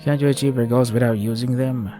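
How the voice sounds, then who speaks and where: A man's voice: mid-range voice, steady tone, quick pace, mellow, faint music behind, close to an everyday voice. A man reading as a grieving, angry hero. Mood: accusing.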